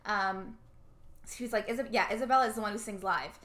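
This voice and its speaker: Bright-voiced woman recapping a movie. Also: mid-range voice, a little fast. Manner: animated, acts out characters' lines, laughs often. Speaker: podcast co-host. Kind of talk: casual movie recap chat.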